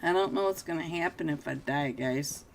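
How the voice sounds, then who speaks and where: A young adult woman live-casting a mobile battle royale match, excitable and self-mocking, jumping between play calls and chat with viewers. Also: deep voice, moderate pace, gravelly, a little hiss or hum. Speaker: esports caster. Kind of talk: live game commentary.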